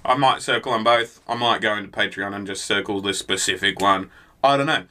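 A man's voice: lowish voice, a little fast. A man rambling and swearing freely in a casual reaction-video chat. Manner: rambling, profane, lots of "like" and "you know what I mean". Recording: loud background noise.

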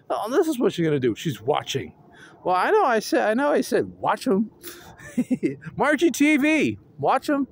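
Excitable man vlogger, high lively voice with a slow, drawn-out delivery, hoarse, recorded outdoors on a phone. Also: a little hiss or hum. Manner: excitable, hyper, laughs often. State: losing his voice. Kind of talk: casual vlog chat. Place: outdoors with his dog.

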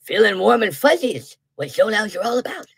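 A woman's voice: medium pitch, sing-song, brisk, vocal fry, breathy edge, no echo, studio quality, full character voice. A woman voicing a smug, sugary elderly female politician in a parody sketch. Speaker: narrator of the sketch.

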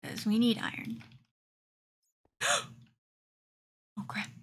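A young woman streaming a game live, chatting to herself and often dropping into a whisper. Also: drawn-out words. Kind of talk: live gameplay commentary.

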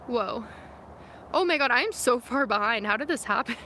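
A woman's voice: on the high side, expressive, fast, bright, forceful tone. A young woman from San Francisco live-streaming outdoors, chatting casually and reading viewer comments aloud. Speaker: vlogger reading live chat. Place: outdoors in the wilderness. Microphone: phone camera. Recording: faint outdoor noise.

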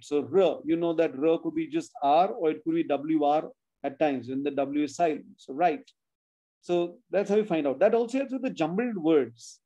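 A man with a slightly high, warm voice teaches a spelling class online over a video call. He explains the rules step by step, corrects his students, and mixes in Hindi.

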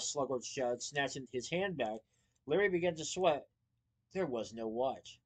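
A man reading a children's novel aloud, lively, with small slips and playful asides. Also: mid-range voice, unhurried. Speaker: storyteller.

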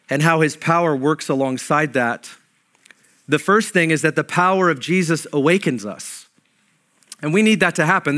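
A male pastor preaching a sermon, reading scripture aloud and breaking into animated, joking asides. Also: a little high.

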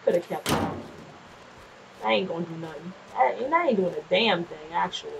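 A woman casually commenting on her gameplay, chatty and quick to swear, often laughing and talking back to the game's characters. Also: fairly low pitch, expressive, creaky, slight background noise, rough recording. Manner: nervous and jumpy in scary moments. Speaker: gameplay streamer. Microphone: desk microphone.

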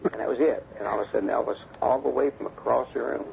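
A man telling a story from his past in an interview. He acts out the dialogue lively as he talks, on a damaged tape recording. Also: mid-range voice, fast, creaky. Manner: animated storyteller acting out quoted dialogue. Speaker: interview guest, former bodyguard. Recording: dull damaged tape with faint hiss.

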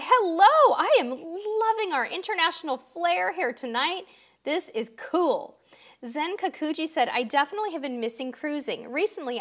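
Woman livestream host, fairly high voice, chatty and effusive, laughs a lot, reads viewer comments. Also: a bit bright. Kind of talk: casual live chat.

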